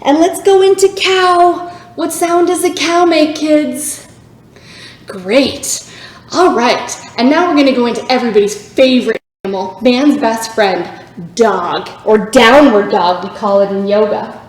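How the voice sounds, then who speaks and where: Upbeat female yoga instructor for kids, high voice, very roomy echoey sound. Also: unhurried. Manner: upbeat, encouraging, makes animal sounds. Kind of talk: guided kids' yoga class. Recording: very echoey room.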